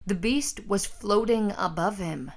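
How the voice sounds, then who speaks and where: A woman's voice: mid-range voice, a little slow. A woman reading the part of a frightened nun in her sixties, giving grave, urgent warnings. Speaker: actor in a scene reading. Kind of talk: staged script reading.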